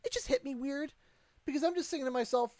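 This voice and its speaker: A man's voice: very high voice, fast, a little mellow, no echo. A Canadian man in his thirties, a father and streamer, telling a story in a casual livestream, rambling with many restarts and growing exasperated.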